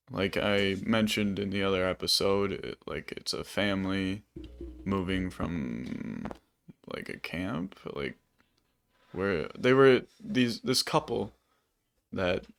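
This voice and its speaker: A man talks through a film on a casual podcast, meandering and full of fillers. His voice sits low and easygoing. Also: takes it slowly, gravelly, pauses often, fairly bright tone. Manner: rambling, many fillers. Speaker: podcast co-host. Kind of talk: casual movie review chat.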